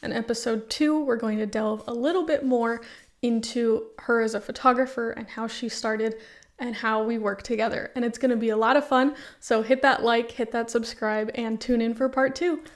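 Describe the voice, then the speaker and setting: Woman, podcast host, high voice, upbeat and encouraging, casual chat. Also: steady tone, moderate pace. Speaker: podcast host and wedding photographer.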